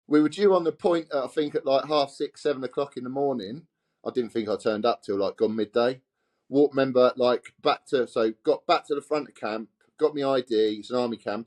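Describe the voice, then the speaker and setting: Hombre inglés de Essex, relato informal. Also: male voice, mid-range voice, darkish tone. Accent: Essex English. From England. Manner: swears freely, laughs while telling stories. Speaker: podcast guest. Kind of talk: casual storytelling.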